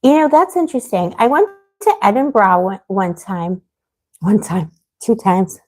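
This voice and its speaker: A woman hosting a tarot live stream, talking in a loose, rambling way. She answers viewers by name and gets heated and outspoken as she vents. Her pitch sits in an ordinary middle range for a woman. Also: moderate pace, a little mellow. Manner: rambling, getting heated and venting. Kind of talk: casual livestream chat answering viewers.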